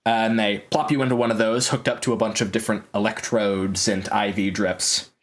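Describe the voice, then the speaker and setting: A man's voice: on the low side, steady tone, a little fast. A young man narrating casually as game master of a tabletop game.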